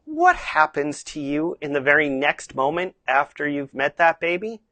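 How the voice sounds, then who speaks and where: A woman instructor teaching carriage driving in a casual, chatty way, lively and acting out tones of voice. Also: sits low, moderate pace, no room sound. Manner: conversational, chatty with fillers.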